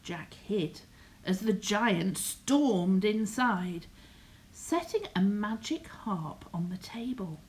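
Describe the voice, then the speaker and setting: An older woman reads a bedtime story aloud at a very unhurried pace. Her voice is soft, often dropping to a half-whisper, and she lingers on words. Her pitch sits in an ordinary middle range. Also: expressive, low-quality recording.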